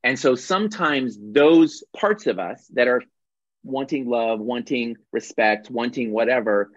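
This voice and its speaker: A man's voice: mid-range voice, unhurried, dry recording. Man teaching over a muffled video call. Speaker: workshop leader. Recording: dull dry video-call audio.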